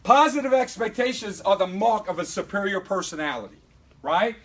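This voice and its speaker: A man with a high-pitched voice leads a motivational sales training in front of a live audience. He talks with lots of energy, pushing his points and checking in with "right?" again and again. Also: a little fast, rough recording. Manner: energetic, repeatedly asks "right?". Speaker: business trainer.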